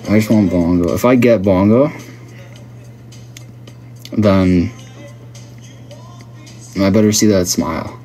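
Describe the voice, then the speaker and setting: Mellow-voiced man chatting live. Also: low-pitched, takes it slowly, pauses often, soft background music. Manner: chatty, joking, teasing viewers. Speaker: livestream host. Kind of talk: casual live chat reading viewer comments.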